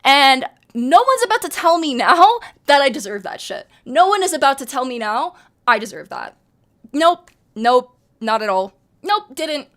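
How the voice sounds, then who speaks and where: A woman's voice: high voice, big pitch swings, unhurried, fairly bright tone. A woman in her twenties venting to her stream chat, heated and emphatic, swearing often. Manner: heated, profane, emphatic ranting.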